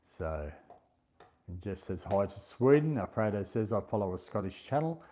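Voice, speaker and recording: An Australian man with a warm, sing-song voice on the low side hosts a casual livestream. He chats slowly and unhurriedly, reading viewer comments and thanking everyone by name, over dull lo-fi stream audio.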